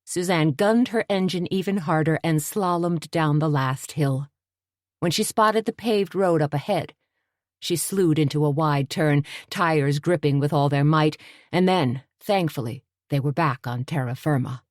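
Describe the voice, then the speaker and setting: A woman narrating an audiobook in a steady, measured storytelling voice. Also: deep voice, dry recording, studio quality.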